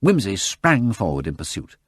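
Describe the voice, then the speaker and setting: A man narrating a mystery novel aloud with animated expression. His low, slightly husky voice ranges widely in pitch. The recording is dry and close. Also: moderate pace, dry recording. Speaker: audiobook reader. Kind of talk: scripted narration.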